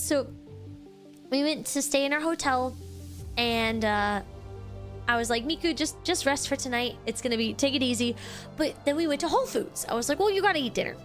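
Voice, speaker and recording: A young woman streamer telling a story to her chat in a casual, animated way, restarting sentences often. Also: high-pitched. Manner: animated, excitable, lots of restarts and "like".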